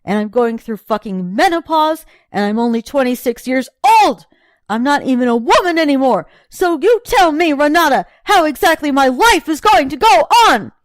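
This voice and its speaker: A woman's voice: a little high, expressive, a little slow, no echo, studio quality, voice pushed up. A woman voicing a grief-stricken young wife of twenty-six in an audiobook, her voice raised and strained. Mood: enraged. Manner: raised, strained voice rising to shouts. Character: grieving young woman, 26, tearful and enraged.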